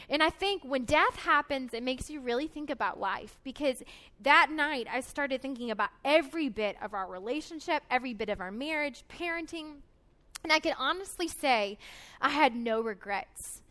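A woman's voice: sits high, normal speed, a bit bright. A young woman giving an earnest, emotional personal testimony at a conference, with frequent hesitations. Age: 20s. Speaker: conference speaker.

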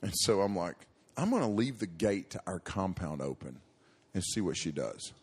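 A man's voice: low-pitched, sing-song, normal speed, husky. A middle-aged man preaching to young people, telling a story in a folksy, rambling way with many restarts and fillers.

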